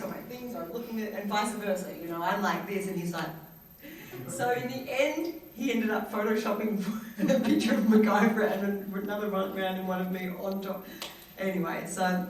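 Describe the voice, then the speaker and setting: Australian actress telling stories in an echoey hall. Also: female voice, mid-range voice, recorded from a distance. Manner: animated, acts out quoted voices, laughs often. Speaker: actress on a convention panel. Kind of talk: anecdotal storytelling to an audience. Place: convention panel hall.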